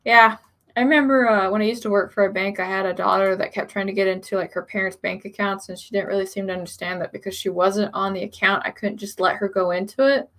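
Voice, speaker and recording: A young woman streamer chats in a loose, rambling way, reading out viewer comments between her own asides. Her voice sits at a middle pitch with a gravelly, creaky edge. She talks casually and fills pauses with little sounds. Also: flat delivery, fairly bright tone. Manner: chatty, rambling, many fillers, reads comments aloud. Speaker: author streamer.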